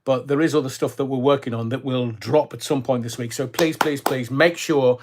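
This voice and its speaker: A man's voice: medium pitch, steady tone, normal speed, noisy background. An older man from Scotland, hosting a casual livestream, chatty and jokey, rambling with lots of fillers. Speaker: livestream host reading viewer comments. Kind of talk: casual chat.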